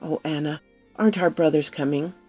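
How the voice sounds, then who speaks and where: A woman's voice: steady tone, fairly quick, warm tone, soft background music. A woman doing a frightened young bride. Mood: desperate. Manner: high, breathless, pleading.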